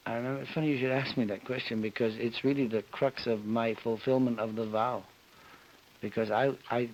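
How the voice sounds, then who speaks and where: A man's voice: on the low side, gravelly, a little mellow. A man telling an emotional personal story as a guest on a television panel show. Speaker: celebrity guest. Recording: dull 1961 TV broadcast with hiss.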